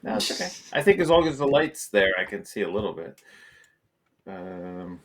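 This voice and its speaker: Hesitant low-voiced man playing a tabletop game. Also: sing-song, normal speed. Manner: hesitant, many ums and restarts. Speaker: player. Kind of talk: casual tabletop game play.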